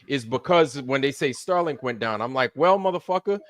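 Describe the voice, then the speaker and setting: A man's voice: mid-range voice, normal speed, a bit bright, dry recording. A man in casual online chat, heated and swearing constantly as he vents. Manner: heated, profane, ranting.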